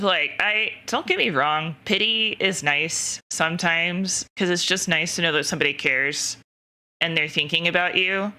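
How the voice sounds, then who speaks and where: A woman's voice: fairly low pitch, bright, forceful tone, clear, resonant tone. A woman streamer chatting casually and frankly with her viewers, rambling with plenty of fillers and the odd swear.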